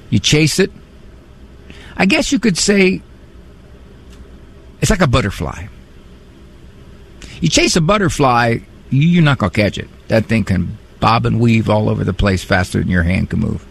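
Brief: middle-aged male radio host, gravelly voice, wry monologue. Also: lowish voice. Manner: conversational, wry, preachy asides. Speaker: radio call-in host and psychologist.

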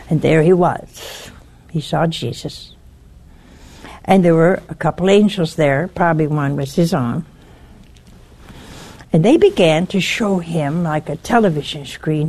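Woman, religious talk on a network, unhurried, husky, earnest warning, step-by-step storytelling. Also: deep voice, dark tone. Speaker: religious speaker on a broadcast network.

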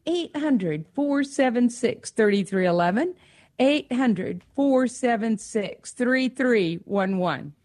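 A woman's voice: fairly high pitch, lively intonation, slow, a little mellow, no echo, clean studio sound. A woman co-hosting a radio fundraiser, playful and teasing, enthusiastically urging listeners to give. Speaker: radio co-host. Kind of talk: radio pledge drive appeal.

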